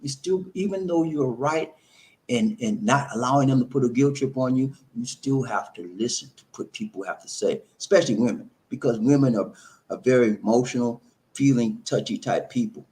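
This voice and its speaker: A man's voice: mid-range voice, moderate pace, a little mellow. A man giving relationship advice in an emphatic, preachy monologue, repeating himself and calling listeners "man".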